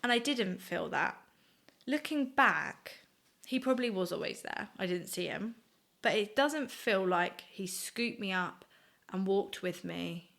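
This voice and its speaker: A woman, sharing a personal faith testimony in an earnest, reflective, halting way. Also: mid-range voice, expressive, vocal fry, fairly bright tone. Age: 20s. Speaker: guest sharing her faith story.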